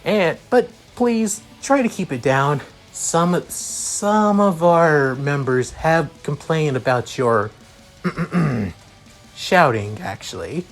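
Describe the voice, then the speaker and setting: A man's voice: a little high, lively intonation, takes it slowly, soft background music, pitched above the performer's own voice. A man doing a fatherly middle-aged leader. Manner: polite, fatherly, businesslike.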